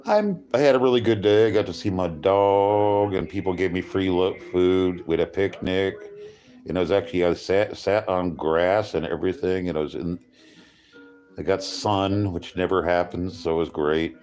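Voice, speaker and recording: Chatting with viewers and reading their comments, this livestream host from California wanders from topic to topic with a wry edge and chuckles at his own jokes. He has a low, somewhat dark voice at a moderate pace, with faint music playing behind him.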